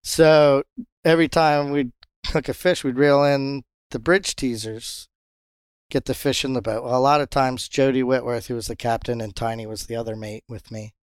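A man who captains a charter fishing boat, telling fishing stories in a casual interview and jumping into high voices when he quotes others. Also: normal speed, clear, resonant tone, dry recording, clean studio sound. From Pompano, Florida. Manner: animated storyteller, jumps high when quoting others.

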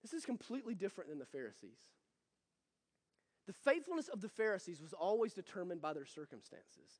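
A man preaching a sermon as pastor, animated and conversational with joking asides. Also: high voice, brisk. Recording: long reverb from a hall.

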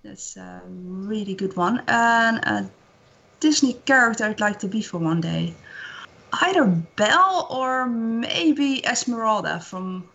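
A woman's voice: a little high, lively intonation, slow, creaky, fairly bright tone, highs cut off. A woman from the Netherlands, a contestant chatting hesitantly about her favorites. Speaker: trivia contestant. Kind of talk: casual chat on a call.

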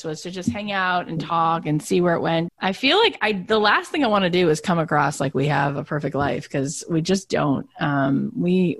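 A woman's voice: dry recording, clean studio sound. A woman in her thirties chatting casually as co-host, telling stories and acting out quotes in a raised voice. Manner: animated storyteller who acts out quotes in a higher voice. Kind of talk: casual chat.

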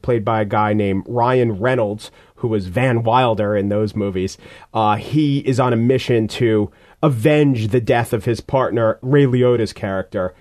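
A man's voice: medium pitch, a little mellow. A man reviewing a movie on a podcast, talking in a wry, opinionated and emphatic way. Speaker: film critic.

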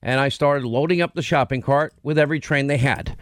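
Brash talk-radio host, dry studio sound. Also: male voice, mid-range voice, brisk, no room sound. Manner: brash, teasing, talks over his cohost. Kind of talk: casual on-air banter.

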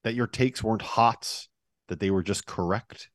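Wry low-voiced man hosting. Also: moderate pace, dry recording. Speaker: podcast host. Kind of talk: casual sports chat and read ad.

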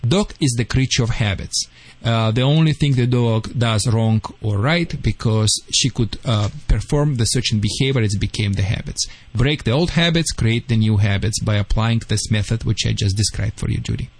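A man with a Russian accent, a dog trainer on a call-in radio show, giving lively advice in slightly broken English. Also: lowish voice, moderate pace, few pauses, rough recording. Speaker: dog trainer answering callers.

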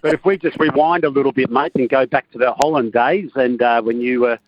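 A man's voice: medium pitch, brisk, highs cut off, crowd noise. A man with an Australian accent, calling in to a radio show, who tells a long teasing story about an old friend. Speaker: caller. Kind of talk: casual phone-in banter. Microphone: phone call.

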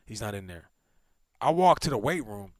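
A man in his thirties, a former football player, co-hosting a casual chat and telling stories with lively, acted-out quotes. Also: moderate pace, no room sound, studio quality. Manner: animated storyteller, acts out quotes with big pitch swings. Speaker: podcast co-host, former NFL receiver.

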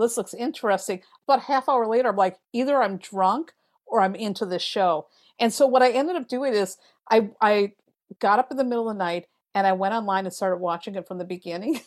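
A middle-aged woman, a tarot reader, chatting casually on a podcast and acting out her own remarks as she tells stories. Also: medium pitch. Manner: animated storyteller, acts out her own quotes.

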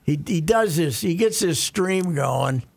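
An older man chats about old television, his voice very gravelly and husky. He rambles and restarts often, with lively pitch, close and dry. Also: no echo. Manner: rambling, halting, many restarts. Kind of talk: casual chat, reminiscing.

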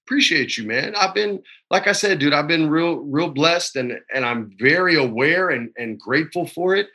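A man's voice: a little high, lively intonation, normal speed, pushed and bright. A man in his forties, a guest in a casual interview, speaking candidly and with feeling, often adding "man" and "dude". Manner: candid, emotional, says "man" and "dude" a lot.

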